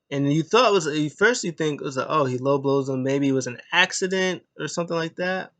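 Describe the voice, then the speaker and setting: A man's voice: fairly high pitch, a bit bright. A man casually recapping a wrestling match move by move, rambling with lots of uh fillers and restarts. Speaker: wrestling show reviewer.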